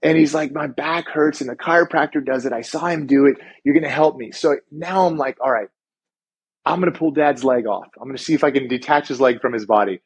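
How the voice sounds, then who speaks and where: A man telling a story on a podcast, full of life and acting out every quoted line as he goes. His voice sits at a middle pitch with a husky, slightly breathy edge. He talks casually and lets the odd swear word slip. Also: fairly quick. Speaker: chiropractor and wellness coach, podcast guest.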